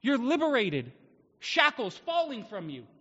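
A man's voice: extremely high pitch, wildly swooping pitch, unhurried, sharp tone, breathy edge. A man preaching a sermon as pastor, earnest and emphatic, in a church hall. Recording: muffled sound with long hall reverb.

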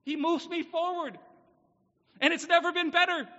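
A man's voice: extremely high pitch, steady tone, moderate pace, pushed and bright. A man preaching a sermon as pastor, earnest and emphatic, in a church hall. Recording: muffled sound with long hall reverb.

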